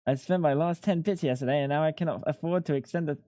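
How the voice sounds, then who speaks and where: A man's voice: fairly high pitch, fast, mellow, no echo. Young guy streaming, rambly n sweary, dead dry headset mic. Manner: swears freely, rambling and laid-back. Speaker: live streamer. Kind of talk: casual live-stream chat.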